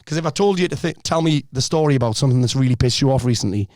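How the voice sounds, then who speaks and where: A middle-aged man speaks as a podcast guest, direct and energetic, with plenty of swearing. His voice sits at an ordinary middle pitch. The recording is dry, with no room echo. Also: very fast. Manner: blunt, energetic, swears freely. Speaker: life coach, podcast guest. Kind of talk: casual podcast conversation.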